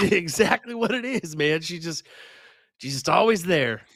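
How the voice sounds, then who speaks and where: A man's voice: a little high, lively intonation, measured pace, fairly bright tone, no echo. Chatty male darts commentator, dry sound. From Kansas. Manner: chatty, laughs often, folksy sayings. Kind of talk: casual live commentary.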